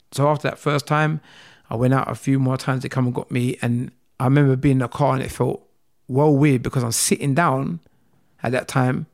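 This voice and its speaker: A man's voice: mid-range voice, gravelly. A man in his thirties from England, telling his story candidly as an interview guest in a rambling, emotional way that repeats phrases. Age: 30s.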